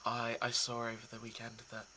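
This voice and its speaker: A man talking casually and reflectively to his viewers, soft and hesitant, with many pauses and restarts. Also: medium pitch, monotone, a little hiss or hum, poor audio. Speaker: poetry reader.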